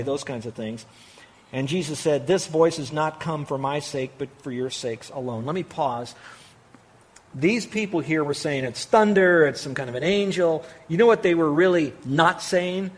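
A man preaching a sermon as pastor, earnestly acting out prayers and dropping between loud and hushed delivery. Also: mid-range voice, slightly rough.

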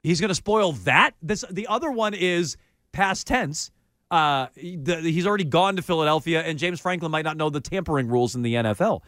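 Sarcastic sports radio guy riffing, kinda high voice, dry close mic. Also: moderate pace, no echo. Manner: sarcastic, animated, jokey. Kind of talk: casual sports talk.

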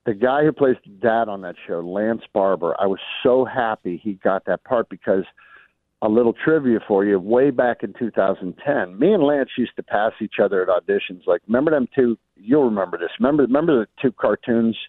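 A man guesting on a radio show, chatting in an animated way, laughing and saying "dude" often. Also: fairly low pitch, brisk, no room sound. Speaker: radio guest, comic actor. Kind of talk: casual radio interview. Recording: phone-line guest audio.

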